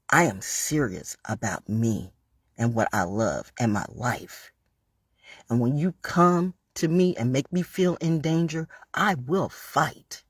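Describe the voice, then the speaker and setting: An online broadcaster with a very deep, breathy-edged voice rants directly at her vlog audience. She repeats phrases for emphasis and swears plenty, recorded with no room sound.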